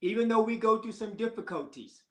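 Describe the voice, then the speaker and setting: A man who is a pastor co-hosting a marriage talk show, speaking slowly and deliberately and reading quotes aloud. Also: high-pitched, expressive, fairly bright tone. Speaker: pastor and co-host. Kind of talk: casual chat.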